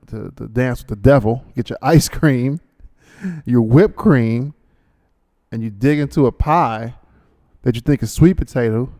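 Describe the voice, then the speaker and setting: Rambling gravelly-voiced man, podcast host. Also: medium pitch, warm tone. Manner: rambling, full of fillers and asides, ad-libs jokingly. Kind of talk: casual monologue with a read sponsor ad.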